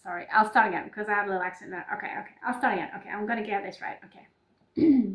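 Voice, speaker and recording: A woman's voice: mid-range voice, fast. A woman with a Norwegian accent chatting in a rambling, improvised way for her vlog, often apologizing and restarting. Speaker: YouTuber. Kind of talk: casual improvised vlog chat. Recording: echoey room.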